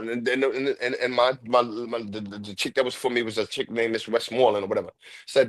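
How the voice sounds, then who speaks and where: A man with a harsh New York accent tells his story in a blunt, aggressive street voice. His pitch sits in the middle range. The sound is dry and close, with no room echo. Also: fairly even intonation, fast. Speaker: host. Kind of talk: casual storytelling.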